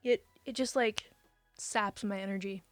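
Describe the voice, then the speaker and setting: A young woman streaming live, chatting casually with viewers and reading their messages, emotional and quick to say she will cry. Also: medium pitch, fairly even intonation, dry recording, faint music behind.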